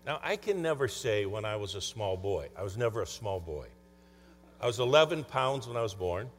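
Low-voiced man giving a motivational talk. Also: big pitch swings, normal speed, soft background music. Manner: conversational storytelling. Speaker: conference speaker and coach. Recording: long hall reverb, faint mains hum.

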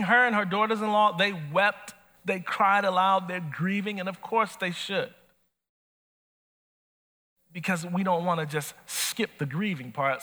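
A man preaching a sermon as pastor, animated and swinging from soft to shouting. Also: sits high. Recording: long hall reverb.

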